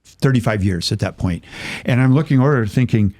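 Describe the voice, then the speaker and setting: An older man, a podcast guest, telling a lively story in casual conversation and acting out the voices of the people in it. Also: medium pitch, fairly quick. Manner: acts out voices in his stories, chuckles often.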